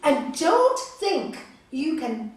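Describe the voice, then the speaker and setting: A woman voicing a kind, patient village wife who speaks calmly and firmly, in an echoey hall far from the mic. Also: sits high, very slow, a little hiss or hum, voice pushed up, heavily acted.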